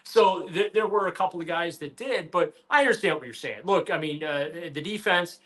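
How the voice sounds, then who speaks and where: A man co-hosting sports radio, his voice sitting a bit high with a bright, ringing tone. He talks animatedly and with emphasis, restarting phrases as he makes his points. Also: lively intonation, moderate pace. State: has the hiccups. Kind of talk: casual sports talk.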